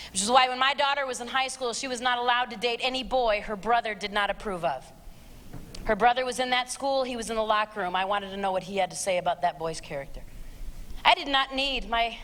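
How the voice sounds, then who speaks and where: A middle-aged woman giving a blunt, sarcastic live talk to teens and parents, her voice jumping high when she exclaims. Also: a bit bright. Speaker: speaker. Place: church auditorium. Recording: long reverb of a large hall.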